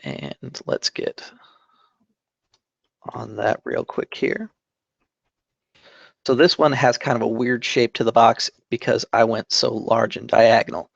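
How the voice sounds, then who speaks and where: A man hosting a tabletop game channel, calmly explaining a digital map-drawing tutorial step by step, with fillers and self-corrections. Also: medium pitch, slow, creaky, pauses often, no echo, lo-fi sound. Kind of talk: screen-recorded drawing tutorial. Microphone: desk microphone.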